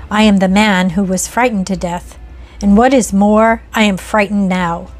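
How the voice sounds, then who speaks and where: A woman voicing the ghost of a sad, frightened young man, speaking quietly with sighs in an odd, flat way. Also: medium pitch, normal speed, soft background music, lightly acted. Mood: sad, haunted.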